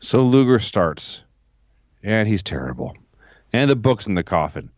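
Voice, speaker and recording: A man co-hosting a podcast from home, recapping with sarcastic, deadpan asides while his pitch moves around a lot. His voice sits in a middle register. The home recording sounds slightly dull and dry. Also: a little slow, dry recording. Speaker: podcast co-host. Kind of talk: casual chat.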